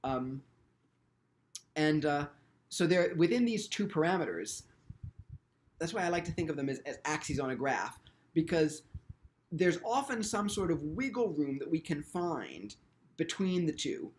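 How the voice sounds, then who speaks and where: A man's voice: a little high, big pitch swings, measured pace, long pauses. A man teaching violin in an instructional video, speaking thoughtfully and often restarting his sentences with ums.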